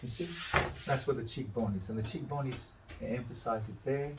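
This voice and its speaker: A man's voice: medium pitch, moderate pace, darkish tone, recorded from a distance, slight background noise, rough recording. A man teaching a drawing demonstration, talking through each step and correcting himself as he goes. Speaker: art instructor.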